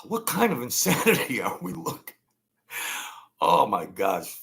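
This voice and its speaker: A man's voice: on the low side, huge pitch swings, unhurried, creaky, a bit bright. A man hosting a casual livestream rant, blunt and slangy, rambling and stuttering as he goes. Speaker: livestream host.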